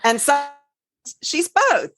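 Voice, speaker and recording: A woman's voice: high-pitched, very animated, slow pace, fairly bright tone, no echo. A woman co-hosting a casual podcast, telling folklore stories in a chatty way and spelling out names. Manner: chatty storyteller, spells words out, trails off. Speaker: podcast co-host.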